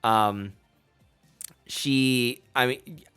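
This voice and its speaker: A man's voice: mid-range voice, very slow, a bit bright, smooth, faint music behind. A man narrating as game master of a tabletop role-playing game, casual and rambling with many fillers.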